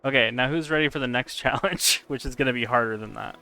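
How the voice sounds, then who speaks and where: A man's voice: mid-range voice, fast talker, bright, forceful tone. A man chatting casually while live-streaming a game, answering chat and laughing often.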